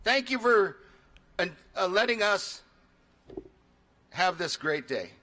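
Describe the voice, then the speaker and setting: A middle-aged man, a state legislator, giving formal ceremonial remarks in a measured way with pauses. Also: sits high, animated, sharp tone.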